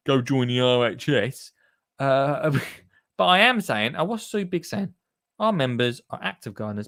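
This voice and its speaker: A man hosts a gardening podcast in a loose, jokey way. He rambles with plenty of ums and uhs at a mid pitch, friendly and chatty. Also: a bit bright, no room sound, studio quality. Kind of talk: casual chat.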